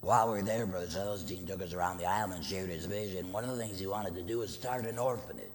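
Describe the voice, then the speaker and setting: Deep-voiced man preaching a sermon. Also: fast talker. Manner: storytelling with acted quotes, dramatic swings from loud to hushed. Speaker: pastor. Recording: long reverb, faint noise.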